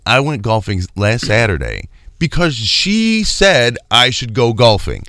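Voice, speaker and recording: A man's voice: medium pitch, measured pace, no room sound, studio quality. A man telling a profane comedic story in casual chat, acting out quoted lines. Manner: profane, animated, acts out quotes.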